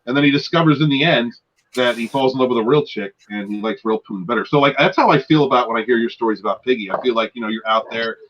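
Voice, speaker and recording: A man's voice: medium pitch, quick pace, highs cut off. A man in his forties, a guest on a casual live stream, rambling and laughing with many fillers and restarts. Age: 40s.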